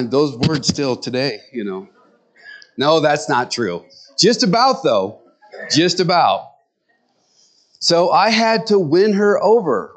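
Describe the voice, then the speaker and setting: Man preaching a casual, joking sermon. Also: a little high. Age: middle-aged. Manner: conversational, joking asides to the congregation. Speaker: pastor.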